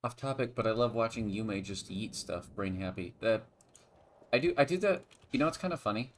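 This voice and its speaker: Give me a low-voiced man chatting over a game stream, talking in loose, rambling stretches full of restarts. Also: animated, a little fast. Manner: rambling, with many restarts and sudden bursts. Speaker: stream co-commentator. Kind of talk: casual gaming chat.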